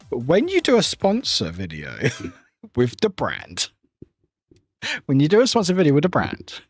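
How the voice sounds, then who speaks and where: A British man streaming live, talking in a rambling, chatty way and laughing at his own slip-ups. His voice sits a little high and swings up and down a lot, with a dry, close sound and faint music underneath. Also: breathy edge, dry recording. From United Kingdom. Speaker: livestreamer. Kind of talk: casual livestream chat with viewers.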